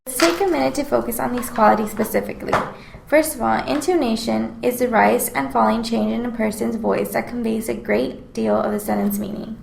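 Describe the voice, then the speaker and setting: Student presenter, woman, very gravelly voice with a slightly high pitch, explanatory read, roomy echo. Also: steady tone, brisk, slight background noise. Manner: explanatory, reads prepared text. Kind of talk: reading a scripted class presentation.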